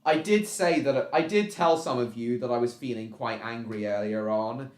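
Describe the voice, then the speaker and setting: A live stream host with a mid-range voice chats casually and reads out viewer comments in an echoey room. He's halting and repetitive, restarting phrases and filling gaps with lots of ums.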